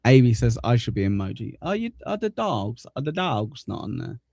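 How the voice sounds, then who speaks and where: A man's voice: medium pitch, big pitch swings, normal speed, vocal fry, a little mellow, dry recording, clean studio sound. A man hosting a live stream, reacting sarcastically to a clip and swearing freely. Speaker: streamer host reacting to a video. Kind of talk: casual live-stream commentary.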